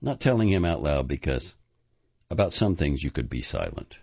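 Deep gravelly male narrator. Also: moderate pace, dry recording, highs cut off. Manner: expressive storytelling, sliding between dramatic and hushed. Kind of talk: audiobook narration.

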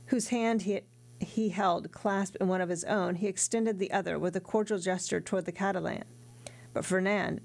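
Woman reading an old novel aloud, low pitch, gravelly, steady and earnest. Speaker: audiobook narrator.

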